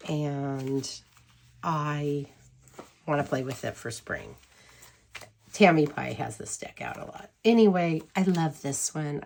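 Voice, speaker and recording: A woman's voice: deep voice, darkish tone, a little hiss or hum. A woman chatting casually to the camera, gushing and rambling with frequent giggles. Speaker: tarot deck reviewer.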